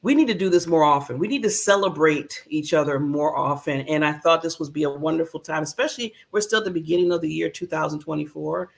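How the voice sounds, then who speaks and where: A woman's voice: low voice, fast talker, vocal fry, few pauses. A woman hosting a talk show in a bubbly, emotional way, laughing often. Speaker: host.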